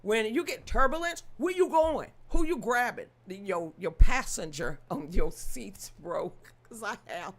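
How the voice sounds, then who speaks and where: A woman's voice: on the high side, expressive, measured pace, hardly any pauses. A woman hosting a livestream, chatting casually and joking with her viewers, with laughing asides. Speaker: livestream host.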